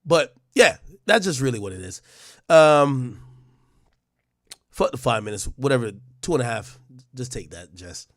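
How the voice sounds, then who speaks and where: A man's voice: medium pitch, big pitch swings, unhurried, pauses often, no room sound, studio quality. A man hosting a livestream, delivering a brash, profane roast monologue full of mocking jabs and stammered restarts. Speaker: livestream host.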